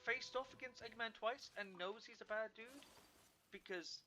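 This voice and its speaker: A man's voice: extremely high pitch, moderate pace, music in the background. A man streaming a game, rambling and thinking aloud in casual commentary with many restarts.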